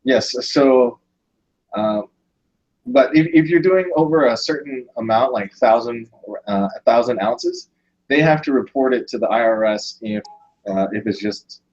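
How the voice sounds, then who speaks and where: A man hosting a casual video call, talking through his points with restarts and pauses. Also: medium pitch, a little mellow, dull audio. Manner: thinks aloud with restarts. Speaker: host. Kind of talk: casual chat.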